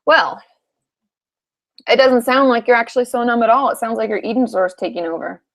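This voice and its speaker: A woman's voice: on the high side, fairly quick, fairly bright tone. A woman in her thirties, a therapist from Washington state, answering viewer questions in a frank, chatty live Q&A, swearing casually now and then.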